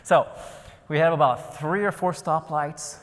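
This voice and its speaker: A man's voice: a little high, a little slow. A man from Ohio giving a keynote speech, telling stories with jokes and acting out the scenes. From Ohio, United States. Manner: animated, joking storyteller acting out scenes. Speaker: keynote speaker. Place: large conference hall. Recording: long reverb of a large hall.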